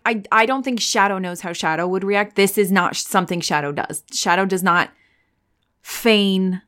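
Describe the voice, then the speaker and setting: A woman playing a tabletop game, chatting casually and thinking out loud with a wry edge. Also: mid-range voice, normal speed.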